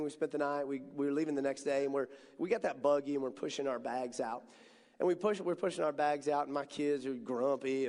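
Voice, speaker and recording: High-voiced man telling a story in a reverberant hall. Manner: animated, chatty, talks straight to the crowd. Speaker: student ministry speaker. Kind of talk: storytelling sermon.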